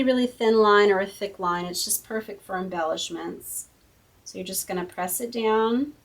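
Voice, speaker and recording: A woman's voice: mid-range voice, distant mic. A woman hosting a casual card-making tutorial at her craft table, chatty and thinking aloud as she works. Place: home craft room.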